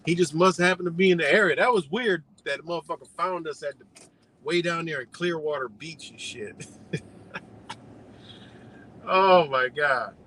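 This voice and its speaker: A man hosting a live stream, telling a story in a loose, profane, animated way and laughing often. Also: fairly high pitch, normal speed, pauses often, slight background noise, poor audio. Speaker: livestream host.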